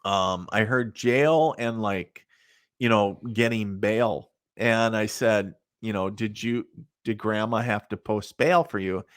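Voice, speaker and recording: A middle-aged man talks in a fairly low voice, telling loose, rambling stories full of fillers. He is a guest on a podcast. The sound is dry and close, with no room echo. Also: slow, clean tone. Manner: rambling, many fillers, laughs at his own stories. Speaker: guest, psychic medium. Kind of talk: casual storytelling in a podcast interview.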